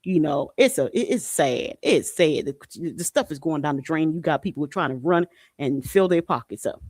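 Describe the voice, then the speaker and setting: A podcast host with a fairly high, lively voice reads news articles aloud at a moderate pace, in studio-quality audio with no room sound. He comments on them bluntly and indignantly, swearing and repeating himself.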